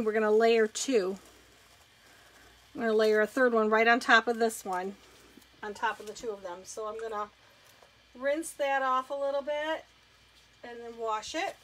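Bright-voiced woman demoing a craft. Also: on the high side. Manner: chatty, talks through each step as she works. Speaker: craft demonstrator hosting a live stream. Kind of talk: casual step-by-step craft demonstration.

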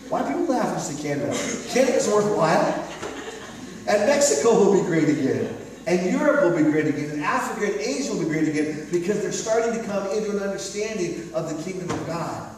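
A man's voice: high voice, big pitch swings, quick pace, background noise. A man preaching a sermon as pastor, emphatic and repetitive, full of rhetorical questions. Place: church sanctuary. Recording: echoey hall recorded from far off.

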